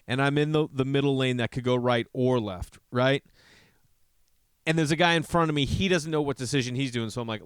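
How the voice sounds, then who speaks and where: A man's voice: brisk, smooth, no echo. A man hosting a podcast, telling rambling comedic stories with lots of swearing and acting out other people's lines. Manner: animated, profane, acts out quotes in a higher voice. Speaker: podcast host.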